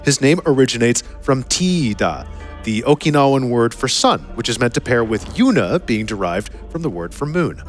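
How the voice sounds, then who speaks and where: A man's voice: mid-range voice, big pitch swings, moderate pace, soft background music. A man hosting a live charity gaming marathon, reading out donations with a playful, joking manner. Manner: playful, jokey, laughs often. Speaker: event host reading donations.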